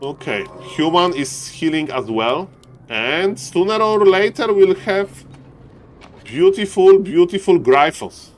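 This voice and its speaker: Excitable high-voiced male game caster. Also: slight background noise. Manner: excitable, joking, often laughing. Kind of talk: live game commentary.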